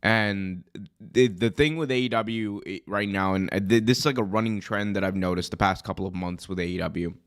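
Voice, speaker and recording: A young man who is hoarse from being sick, hosting a live wrestling commentary stream in a chatty, rambling way that often corrects itself. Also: lowish voice, moderate pace, fairly bright tone. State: hoarse, recovering from illness. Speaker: wrestling show host.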